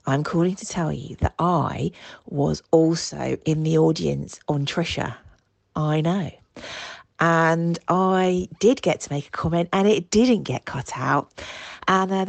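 Gravelly woman caller, dry and smug. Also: on the low side, darkish tone, no echo. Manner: dry, mock-smug humour. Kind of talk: voice message to a podcast.

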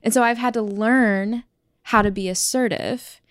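A woman's voice: a little high, measured pace, clear, resonant tone, dry recording, clean studio sound. A woman in a casual couples chat, talking freely with lots of "like.". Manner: chatty, frequent "like" fillers.

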